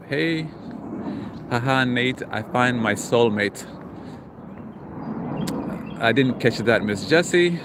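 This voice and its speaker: A man walking through a city park with his phone, reading out and answering live chat comments in an easygoing tone. His voice sits at an ordinary middle pitch. Faint traffic noise hangs behind him outdoors. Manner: reads viewer comments aloud and greets them. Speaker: livestream vlogger.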